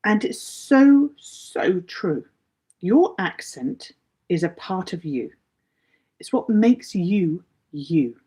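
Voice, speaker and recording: A woman's voice: on the low side, dark tone, husky. A woman from England with an English accent, giving a chatty live English lesson and answering viewers' questions with many asides. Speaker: English teacher.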